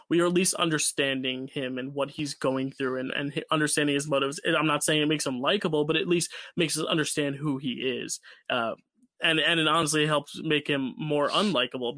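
Bright-voiced man co-hosting a review. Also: a little high, no echo, clean studio sound. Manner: relaxed, laughs often, reflective opinions. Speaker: podcast co-host. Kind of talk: casual review chat.

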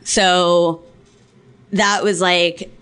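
A woman's voice: fairly low pitch, extremely slow, clear, resonant tone. Woman telling a profane story. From Los Angeles. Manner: profane, animated anecdote telling. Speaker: podcast guest. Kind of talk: casual storytelling.

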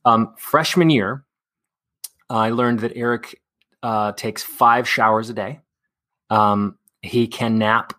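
A man's voice: on the low side, fairly even intonation, slow pace, pauses often, a bit bright. A man from Texas, an actor, chatting candidly in an interview with many fillers and restarts. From Texas, USA. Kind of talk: casual interview chat.

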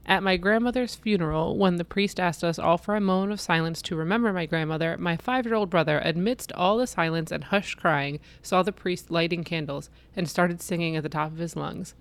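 A woman's voice: on the low side, brisk, few pauses. A woman in her thirties chatting casually and reading funny posts aloud, laughing often. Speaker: co-host.

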